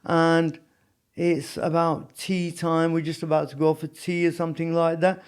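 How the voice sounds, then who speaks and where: Rambling man with a high voice. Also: little pitch movement, a little slow, smooth. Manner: rambling, full of "you know what I mean". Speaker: podcast guest. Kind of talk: casual storytelling interview.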